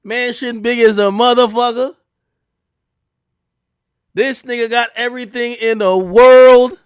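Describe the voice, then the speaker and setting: A young man hosting a show, telling a story to viewers in a casual, profane and slangy way, with loud exclaims and quiet asides. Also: very high-pitched, fairly even intonation, unhurried, clear, resonant tone, no room sound, studio quality. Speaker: show host.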